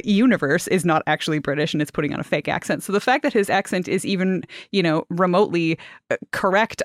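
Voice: medium pitch, no room sound, clean studio sound. A podcast panelist in casual chat, enthusiastic and playful, building up to punchlines.

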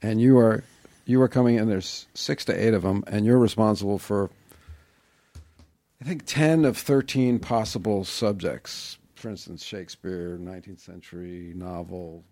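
A man's voice: on the low side, moderate pace, dark tone, no echo. A man as a podcast guest, talking in a reflective, self-deprecating, wry way in casual interview chat on a close mic.

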